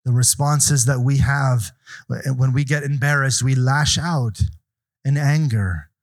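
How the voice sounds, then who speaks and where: This man speaks at a slow pace in a medium pitch as he delivers a sermon. He reads out Bible verses and unpacks them, with asides and questions directed at the congregation.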